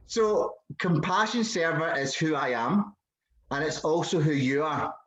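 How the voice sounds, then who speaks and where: Scottish male host, slightly high voice, chatty and rambling, echoey room sound. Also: slow. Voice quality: chatty, warm-hearted, rambling with fillers. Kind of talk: casual video chat. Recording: roomy echo.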